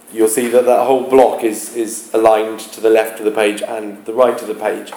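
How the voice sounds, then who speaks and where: A lower-pitched man explains a play to his class, pausing and hunting for words. He taps out rhythms by chanting beats. His voice rings in a roomy, echoey classroom. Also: a little mellow. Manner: halting, searches aloud for words. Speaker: English teacher.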